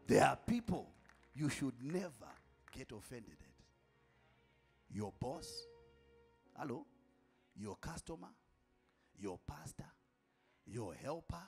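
A man's voice: medium pitch, very animated, slow, creaky, long pauses, breathy edge, faint music behind. A man preaching a sermon as an apostle, calling out to the congregation and repeating lines for effect. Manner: emphatic, calls out to the congregation, repeats lines for effect, at times shouting.

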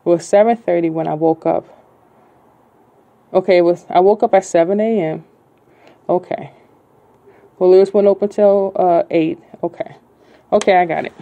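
A woman reads her own novel aloud in a relaxed, unpolished way. She sometimes breaks off to fix a misread word. Her voice is low and warm-toned. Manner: halting, stops to correct her own misreadings. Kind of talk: casual read-aloud of a novel.

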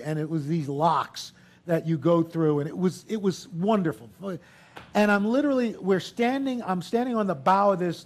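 Speaking to an audience in an event hall, a guest speaker in his sixties, relaxed and chatty, uses a voice that runs high for a man. He's a lively storyteller, delivering animated anecdotes on stage and acting out whoever he quotes before shifting smoothly into business talk.

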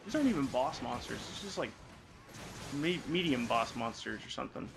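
A man's voice: medium pitch, lively intonation, a little fast, vocal fry, noisy background. A young man from the American South hosting a casual co-op gameplay chat, laughing often and swearing freely. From Southern United States. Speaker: gaming channel host.

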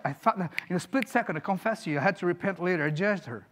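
A man's voice: high voice, lively intonation, fast talker. A man preaching a sermon as a pastor in a church, earnest and emphatic, building to questions. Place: church sanctuary.

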